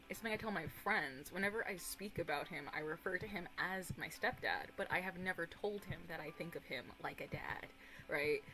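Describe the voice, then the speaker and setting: A young woman in her twenties streaming casual chat, rambling and animated, swearing casually and breaking into excited impressions of others. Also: on the low side, rough recording.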